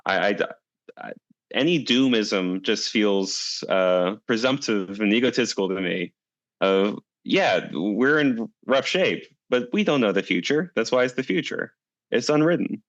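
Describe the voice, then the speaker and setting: A man with a low voice answers interview questions in a calm, reflective way and tells a parable at an unhurried storyteller's pace. The recording is dry and a little dull, with no room sound. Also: no room sound. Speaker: guest, climate coalition director.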